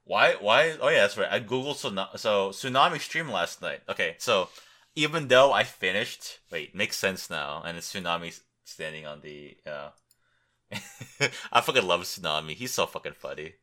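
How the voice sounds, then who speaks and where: A man's voice: low voice, expressive, moderate pace, sharp tone. A young man hosting a podcast alone, tired and rambling, joking crudely and thinking aloud as he looks things up. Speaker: podcast host. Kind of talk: rambling solo podcast chat.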